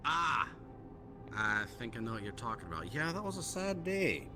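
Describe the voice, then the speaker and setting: A man roleplaying a gang leader on a live stream, questioning calmly and often murmuring agreement. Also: mid-range voice, noisy background. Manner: calm, probing, drawn-out murmured agreement. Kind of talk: in-character roleplay dialogue. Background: background music.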